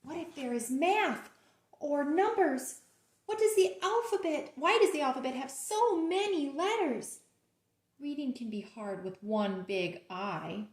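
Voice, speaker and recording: A woman's voice: sits high, expressive, unhurried. A woman doing a fretful, whiny cartoon pigeon. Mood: worried. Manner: whiny, dramatic, rising worried questions. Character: fretful, excitable young male pigeon. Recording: roomy echo.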